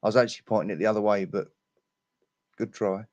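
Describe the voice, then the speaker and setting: A man's voice: on the low side, steady tone, fast, a little mellow, no echo, dull audio. A man from England, chatting on a video call, joking and reading out viewer comments. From southern England. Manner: jokey, wry, reads out viewer comments. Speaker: guest on an online chat show. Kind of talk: casual chat and joke telling.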